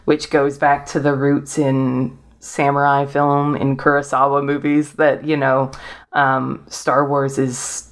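A woman's voice: extremely low pitch, monotone, slow pace. A young woman hosting a podcast, chatting casually and enthusiastically, laughing often and using lots of fillers. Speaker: podcast host. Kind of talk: casual chat.

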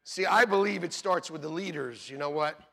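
A man preaching a sermon, loud and animated, telling jokey stories about his marriage and calling out for amens from the congregation. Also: on the high side, a little fast, gravelly. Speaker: pastor. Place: church sanctuary.

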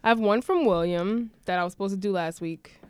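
A young woman co-hosting a casual podcast, telling an animated story and acting out the people in it. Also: medium pitch, fairly quick, clear, resonant tone, no echo. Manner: animated, imitates people in her stories, swears casually. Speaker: podcast co-host.

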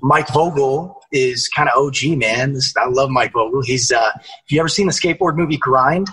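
A man's voice: mid-range voice, moderate pace, bright, forceful tone, slightly rough, poor audio. A young man guesting on a podcast, chatting casually and energetically, swearing and using lots of fillers. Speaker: actor guest.

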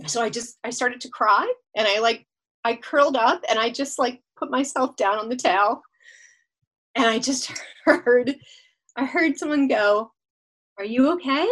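A woman's voice: on the high side, measured pace, fairly bright tone, rough recording. A woman telling a long story as a podcast guest, laughing often as she talks. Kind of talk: casual storytelling.

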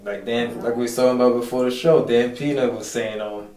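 A man's voice: mid-range voice, fairly even intonation, a little fast, roomy sound, recorded from a distance, a crowd in the background, rough recording. A man co-hosting, talking earnestly heart to heart, full of "you know" and "like.". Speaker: co-host. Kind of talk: heart-to-heart conversation.

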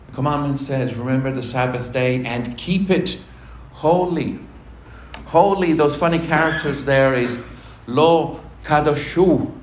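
Emphatic high-voiced preacher in echoey hall. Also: male voice. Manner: emphatic, rhetorical questions to the congregation. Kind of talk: sermon. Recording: echoey room with faint ambient noise.

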